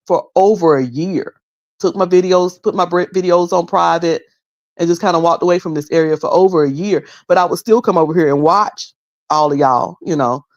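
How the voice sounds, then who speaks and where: A woman's voice: on the low side, no room sound, muffled recording. A middle-aged woman from North Carolina with a Southern accent, casually chatting to her livestream viewers, repeating phrases and mimicking people as she goes. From High Point, North Carolina. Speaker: livestream host.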